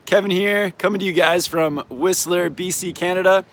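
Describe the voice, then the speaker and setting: A slightly hoarse man hosting a casual live-stream Q&A outdoors, laid-back and upbeat, with lots of "um" and "yeah". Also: high voice, fairly even intonation, normal speed. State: slightly hoarse, losing his voice. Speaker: snowboard coach and channel host. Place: outdoors in a mountain town. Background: faint traffic and plane noise.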